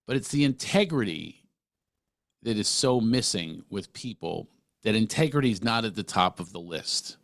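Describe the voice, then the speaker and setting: A man's voice: fairly low pitch, no echo, studio quality. A middle-aged man hosting a podcast, talking earnestly and emphatically, often restarting his sentences. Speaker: podcast host. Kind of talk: casual interview talk.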